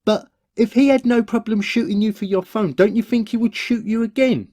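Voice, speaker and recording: A man's voice: sits high, a little fast, darkish tone, no echo, studio quality. A man voicing a timid, nervous young male roommate in a cartoon, hesitant and stammering when put on the spot. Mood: worried. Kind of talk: cartoon voice acting.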